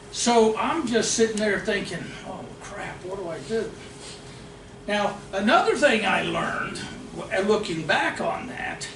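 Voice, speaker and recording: A middle-aged man, a real estate investing trainer, telling a story at a seminar with animated energy and frequent laughter. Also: high voice. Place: meeting room of an investors' association. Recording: roomy hall, distant mic, background noise.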